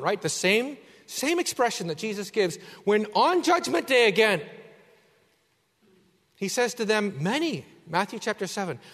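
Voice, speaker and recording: A pastor preaching a sermon, swinging from hushed asides to loud, driving emphasis. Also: male voice, high voice. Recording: hall reverb.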